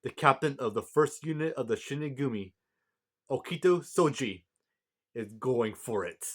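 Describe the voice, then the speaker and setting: A man reading the lines of a somber, proud young male swordsman in a quiet, slow voice. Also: medium pitch, animated, voice pushed up, lightly acted.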